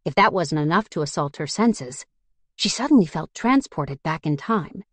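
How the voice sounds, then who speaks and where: Low-voiced woman narrating an audiobook. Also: dry recording. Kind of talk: scripted narration.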